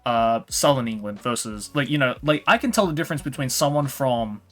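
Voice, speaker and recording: A man's voice: mid-range voice, lively intonation, a little fast, faint music behind. An Australian man chatting casually on a livestream, rambling with lots of "like" and "you know". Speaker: streamer. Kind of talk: casual chat.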